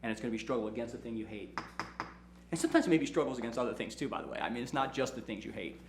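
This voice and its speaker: A man, a lawyer, giving a casual motivational talk and telling animated stories, often checking in with "right?". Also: mid-range voice, racing, vocal fry, reverberant, noisy background. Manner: animated storytelling, repeats "right?", acts out quotes. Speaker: lawyer and firm owner hosting a talk.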